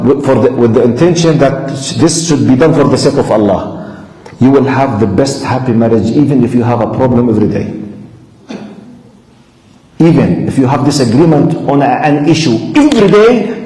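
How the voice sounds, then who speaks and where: A middle-aged man from Jordan with an Arabic accent, giving an animated lecture to a live audience and repeating key words for emphasis. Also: medium pitch, moderate pace. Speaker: Islamic lecturer. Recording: echoey hall recording.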